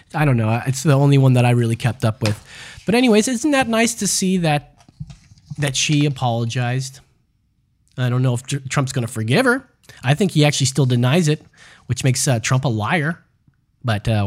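A man's voice: mid-range voice, expressive, normal speed. A man hosting a casual podcast, reading news stories and ranting about them with heavy profanity and mockery. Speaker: podcast host. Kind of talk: casual crude news rant.

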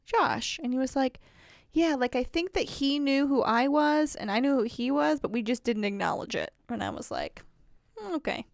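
A woman's voice: high-pitched, moderate pace, vocal fry, dry recording, clean studio sound. A woman from Indiana with an Upper Midwest American accent, chatting casually and acting out quotes as she tells stories. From Indiana, United States. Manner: animated storyteller, acts out quotes, swears freely. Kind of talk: casual chat.

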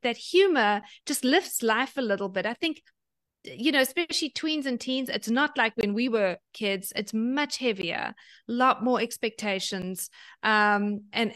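High-voiced animated woman, dry sound. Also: no echo. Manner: animated, acts out quotes in a big voice. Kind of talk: casual chat.

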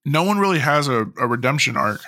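Bright-toned man, dry close sound. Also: mid-range voice, fast, dry recording. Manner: animated, swears casually, shares trivia. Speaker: podcast co-host. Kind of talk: casual movie review chat.

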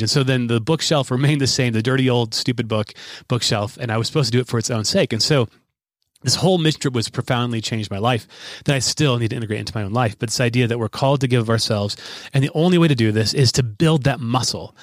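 There's no echo as this thirtysomething podcast host, medium-pitched and quick, spins a lengthy tale. He rambles, runs himself down, and keeps starting over in the casual chat.

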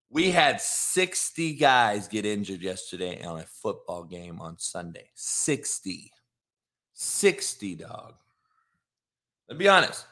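A man's voice: on the low side, expressive, a little slow, pushed and bright. A middle-aged man and former coach hosting a show, ranting in a brash, profane way and mocking commenters. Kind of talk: profane live-stream rant.

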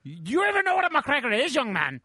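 Man voicing stuffy puppet aristocrat; insulting, fussy diction, lively high delivery, dry close mic. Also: quick pace, no room sound, heavily acted. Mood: haughty. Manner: haughty, insulting, old-fashioned diction. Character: pompous felt puppet gentleman with a mustache. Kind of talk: casual podcast banter.

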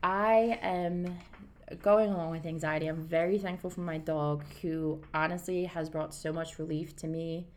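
A podcast co-host in her thirties speaks in a low-pitched, steady voice at a moderate pace. In casual chat, she rambles earnestly while reassuring listeners.

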